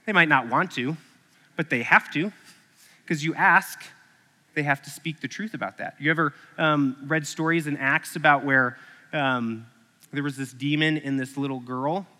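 A man's voice: on the high side, moderate pace. A man preaching a sermon, animatedly acting out a story before teaching. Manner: animated, acts out stories. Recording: echoey hall.

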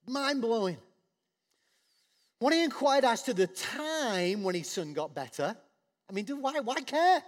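High-voiced preacher in a reverberant hall. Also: male voice. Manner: animated, swings from soft to loud acted quotes. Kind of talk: sermon.

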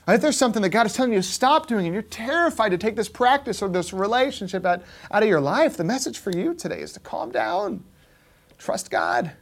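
A pastor giving a conversational sermon, often checking in with his listeners and dropping quiet and slow on key points. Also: high-pitched. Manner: keeps asking "right?" to the listeners; drops soft and slow on key points, rises sharply when stirred.

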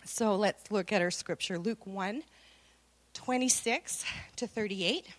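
A woman's voice: mid-range voice, slow. A woman, giving a sermon full of personal stories, acting out dialogue and laughing often. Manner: animated storytelling, acts out dialogue, laughs often. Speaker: women's speaker.

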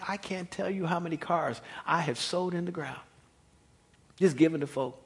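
Dramatic preacher, loud to hushed. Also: male voice, on the high side, moderate pace, gravelly. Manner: dramatic swings from loud exhortation to hushed near-whispers; repeats words when building a point. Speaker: pastor. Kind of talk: sermon.

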